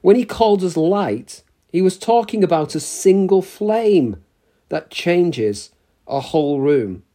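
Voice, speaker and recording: A man preaching a sermon in a church, measured and emphatic, with pauses between short phrases. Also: sits high, lively intonation, warm tone.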